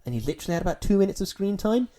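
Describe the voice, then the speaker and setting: A man's voice: sits high, very animated, very fast, mellow. A young man, chatting casually as a podcast co-host, rambling and wry, often trailing off into a mumble. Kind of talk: casual chat.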